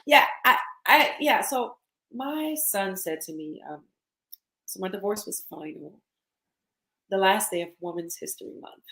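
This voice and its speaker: A woman's voice: mid-range voice, expressive, measured pace, pushed and bright. A woman in her thirties, a guest poet, talking candidly and chattily in a podcast conversation. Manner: candid, chatty, laughs often. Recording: roomy echo.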